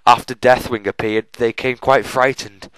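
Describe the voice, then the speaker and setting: A man's voice: mid-range voice, little pitch movement, normal speed, fairly bright tone, clean tone, no room sound, close to an everyday voice, rough recording. A man voicing a boastful old male orc storyteller in a game. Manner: half-hearted put-on accent.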